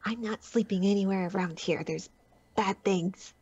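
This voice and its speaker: A woman's voice: mid-range voice, normal speed, darkish tone, lo-fi sound, a little hiss or hum. A woman playing a tabletop game, anxious and insistent. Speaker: player. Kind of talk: casual tabletop play.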